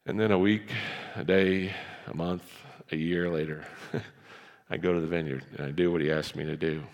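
Gravelly animated preacher in a church hall. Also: male voice, sits low, moderate pace. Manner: animated, acts out Bible voices, conversational. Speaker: pastor. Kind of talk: sermon.

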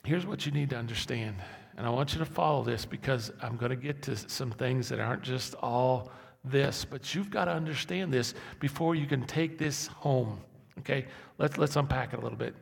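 Impassioned gravelly preacher in his sixties. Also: moderate pace. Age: 60s. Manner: impassioned, building to loud emphatic peaks then dropping low. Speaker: pastor. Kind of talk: sermon. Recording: echoey hall.

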